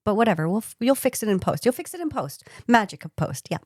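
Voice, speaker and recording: A woman's voice: medium pitch, sing-song, quick pace, dry recording. A woman co-hosts a podcast in loose, joking conversation and laughs easily. She talks right into a close mic. The sound is dry, with no room around it. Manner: playful, jokey, laughs easily. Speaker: podcast co-host. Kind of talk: casual chat. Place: home podcast setup in Toronto. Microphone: mic held close to the mouth.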